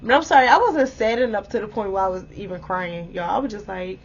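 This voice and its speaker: A young woman vlogger telling a story to her viewers in a blunt, animated way, swearing freely and speaking to them directly. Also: medium pitch, fast talker, breathy edge, dull audio. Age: young adult.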